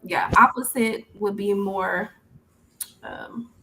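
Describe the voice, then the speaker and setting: Brief: young female English tutor, unhurried, friendly corrections, video-call sound. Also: mid-range voice, steady tone, gravelly, slight background noise, low-quality recording. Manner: patient, gently correcting, laughs often. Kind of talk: casual online tutoring chat.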